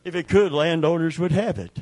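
An older man preaching a sermon as pastor, emphatic and calling for amens, with a husky voice. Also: fairly high pitch, brisk, darkish tone, no echo. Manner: emphatic preaching with call-and-response.

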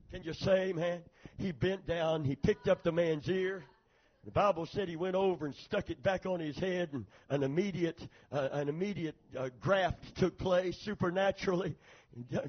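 Male preacher, high husky voice, lively sermon delivery with amen call-outs, on a dull lo-fi recording. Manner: calls for amens, retells scripture with acted quotes.

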